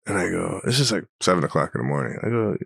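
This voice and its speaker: A middle-aged man co-hosting a comedy podcast, telling stories in a deadpan way and firing off incredulous questions. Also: low voice, quick pace, vocal fry, husky, dry recording, studio quality. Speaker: podcast co-host. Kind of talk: casual comedic chat.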